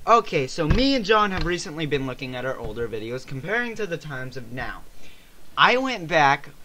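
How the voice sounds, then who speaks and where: Bright-voiced young man, voice cracking. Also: fairly high pitch, very animated, moderate pace. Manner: rambling, swears often, frequent voice cracks. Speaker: podcast co-host. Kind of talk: casual chat.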